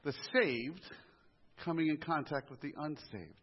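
A man's voice: on the high side, lively intonation, measured pace, breathy edge. A man preaching a sermon, with conversational asides and humor. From US inner city. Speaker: pastor. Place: church sanctuary. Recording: muffled live church audio, long reverb.

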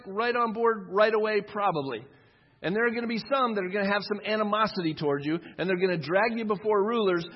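A man from the United States giving an earnest, conversational sermon as a pastor, slipping in quick asides. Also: sits high, husky. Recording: dull sound with long hall reverb.

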